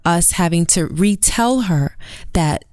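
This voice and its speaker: Woman in her forties, low pitch, dry studio mic; earnest, conversational storyteller. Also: expressive, takes it slowly, a little mellow, no room sound. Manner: earnest storytelling, mimics family members in quotes. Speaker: podcast co-host. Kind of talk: casual conversation.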